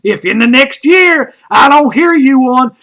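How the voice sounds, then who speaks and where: High, shouting ranting man. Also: animated, measured pace. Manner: loud, mocking, often shouting; rambling with frequent "uh" fillers. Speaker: comedic commentator. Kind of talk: comedic rant.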